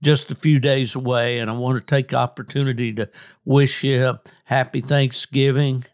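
A man's voice: mid-range voice, little pitch movement, normal speed. A man hosting a casual hunting talk show, easygoing and agreeable. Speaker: show host. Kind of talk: casual radio interview.

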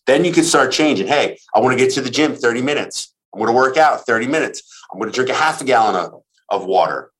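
Podcast guest, male, punchy and repetitive, swings from high to low. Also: sing-song, fast, fairly bright tone. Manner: emphatic, repetitive, profane. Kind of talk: motivational casual talk.

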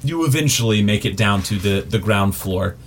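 A man narrating as game master of a tabletop game, relaxed and joking. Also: lowish voice, moderate pace, a little hiss or hum.

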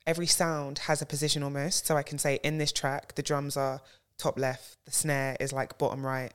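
Her voice is very deep and smooth, moving little in pitch, at a moderate pace. Co-hosting a laid-back podcast conversation, she searches for her words and keeps saying "like."

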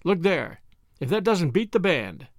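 A man's voice: high voice, sing-song, a little slow, no echo, studio quality, exaggerated voice. A man voicing a brash young man, drawling and confident. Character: brash young American man, eager and cocky.

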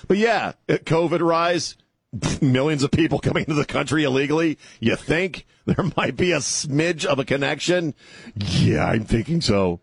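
A man's voice: medium pitch, sing-song, normal speed, creaky, husky, dry recording. A man hosting a talk radio show, rambling and sarcastic, stopping and restarting with lots of fillers. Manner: rambling, sarcastic, self-interrupting, many fillers. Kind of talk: opinionated talk radio monologue. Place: radio studio. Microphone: studio microphone.

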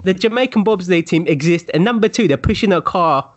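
A man co-hosting a casual chat show, telling a story with animated energy. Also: sits high. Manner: animated storyteller, lively and quick. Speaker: co-host.

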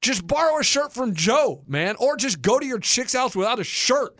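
A man in his thirties hosting a casual talk show, telling a story in an animated way and acting out the voices of the people in it. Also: very high-pitched, moderate pace, no room sound, clean studio sound. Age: 30s. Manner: animated, acts out quoted voices. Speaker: podcast host.

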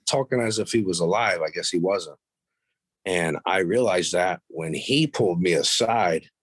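A man's voice: sits low, dry recording. A middle-aged man telling blunt, profane stories from his past in casual conversation. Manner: profane, blunt, animated when quoting others. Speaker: podcast guest. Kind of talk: casual storytelling.

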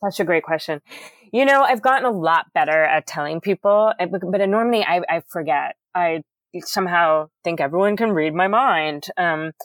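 A middle-aged woman guest in a casual interview, talking candidly with a loud, booming voice and careful enunciation. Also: moderate pace, dry recording.

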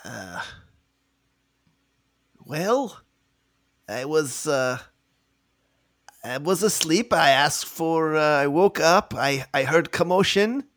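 A man's voice: a little high, animated, fairly bright tone. A man playing a stammering, bewildered ghost with a put-on Russian accent. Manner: halting, stammering, lost. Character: confused newly dead male specter. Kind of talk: tabletop role-play voice acting.

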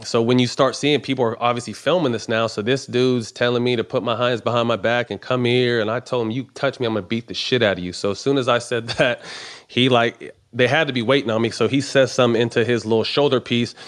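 A man's voice: medium pitch, fairly even intonation, quick pace. Male athlete, casual storytelling, profane, plays out the exchanges in his story. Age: adult. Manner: profane, quotes both sides of conversations. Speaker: professional basketball player.

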